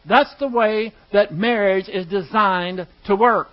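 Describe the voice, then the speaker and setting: A man with a notably high voice delivers a sermon-style teaching, driving home points with rhetorical questions and slipping into quoted dialogue. The recording is dull and lo-fi. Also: slow pace. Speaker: preacher teaching a class.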